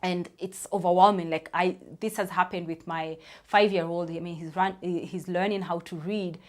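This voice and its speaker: A woman's voice: fairly low pitch, fairly even intonation, normal speed. A woman in her thirties, a speech therapist, explaining reading tips to parents in a chatty way, often saying "you know" and spelling out sounds.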